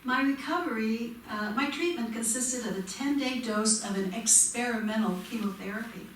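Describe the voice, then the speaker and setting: A woman's voice: a little high, moderate pace, slight background noise. Woman, church member, personal testimony, conversational, self-deprecating, echoey hall, distant. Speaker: congregation member sharing her story. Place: church sanctuary. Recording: echoey church room, mic from afar.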